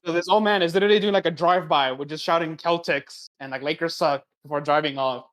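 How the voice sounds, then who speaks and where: A man's voice: on the high side, fast, a bit bright. A young man co-hosting a podcast in casual chat, telling stories in a laid-back way and tagging them with "right?". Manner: laid-back storyteller, drawls out asides like "right?". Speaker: podcast co-host.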